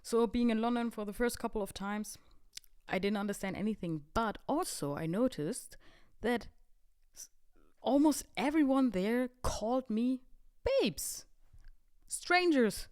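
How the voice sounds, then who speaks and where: A woman in her twenties hosting a podcast, telling a story in a chatty, animated and self-mocking way. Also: a little high, a little slow, clear, resonant tone. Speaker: podcast host. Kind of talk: casual storytelling monologue.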